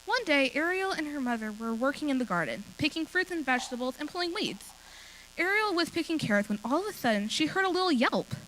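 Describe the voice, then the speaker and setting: A woman reading a short story aloud at a talent show, with expressive storytelling. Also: high-pitched, quick pace, a little hiss or hum, low-quality recording.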